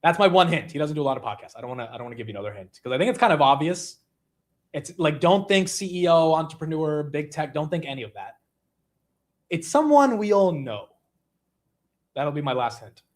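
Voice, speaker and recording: A young man hosting a casual livestream, laughing at himself and reacting quickly to the chat. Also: on the high side. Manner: animated, self-mocking, reacting to chat. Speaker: livestream host.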